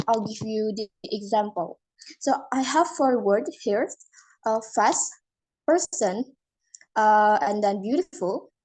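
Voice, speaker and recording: A woman's voice: on the high side, a little mellow, low-quality recording. A woman teaching an English phonology lesson, explaining step by step with fillers and restarts.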